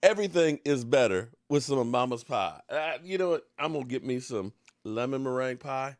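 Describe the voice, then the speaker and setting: Joking, animated sports-rant host, a man. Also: fairly quick, dry recording, studio quality. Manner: animated, joking, swings from low mutters to excited outbursts; eating pie while talking.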